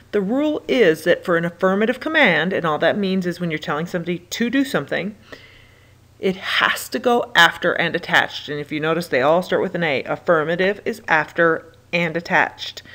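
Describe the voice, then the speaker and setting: A young woman teaching a recorded classroom lesson in a cheerful, talkative manner. Her voice sits slightly low for a woman. She walks through grammar rules with quick asides and short practice drills. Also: fairly bright tone. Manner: upbeat, chatty, sings a verb song. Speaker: Spanish teacher.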